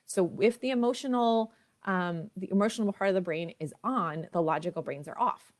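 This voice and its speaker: A woman's voice: mid-range voice, moderate pace. A woman in her thirties, a parenting coach, talking chattily to viewers on a livestream and laughing often.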